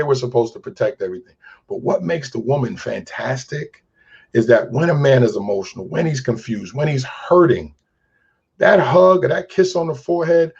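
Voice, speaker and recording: A man's voice: mid-range voice, vocal fry, a little mellow, breathy edge, highs cut off. A man speaking in an interview as a crisis specialist and mentor, telling stories and preaching about feelings with acted-out quotes. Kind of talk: earnest interview talk.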